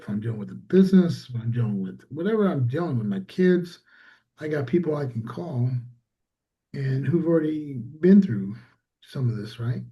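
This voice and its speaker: A man's voice: mid-range voice, lo-fi sound. A man, a small business owner, telling a story in casual conversation and acting out quoted dialogue.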